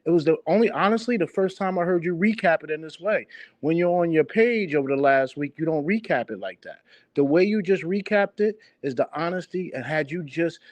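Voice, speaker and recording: A man's voice: a little high, expressive, brisk, darkish tone, no room sound. A middle-aged man hosting a heated online talk stream, speaking earnestly and directly, often stumbling and restarting his words. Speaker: stream host.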